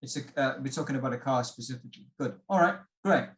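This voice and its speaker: A man's voice: mid-range voice, fast, roomy sound. A man leading an online exam-prep workshop, patiently explaining and asking the class questions, with many fillers and restarts. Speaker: IELTS workshop instructor. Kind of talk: online lesson.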